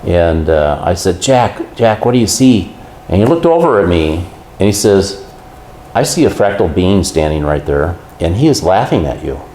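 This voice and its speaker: Man guest, very low voice, animated storyteller; roomy echo. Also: normal speed, a little hiss or hum. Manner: animated storyteller who acts out quotes. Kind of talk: casual storytelling.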